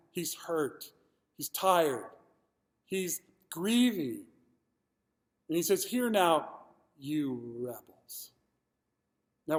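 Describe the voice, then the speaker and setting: A male pastor preaching a sermon, talking expressively and moving between loud emphasis and quiet, heavy moments. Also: fairly high pitch. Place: church sanctuary. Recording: long reverb of a church hall.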